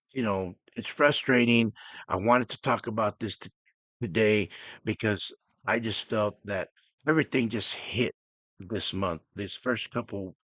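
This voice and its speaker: Middle-aged male podcaster, heartfelt solo talk, slightly low voice, dry room. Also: fairly bright tone, dry recording. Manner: earnest, emotional, halting restarts. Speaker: podcast host. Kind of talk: personal podcast monologue.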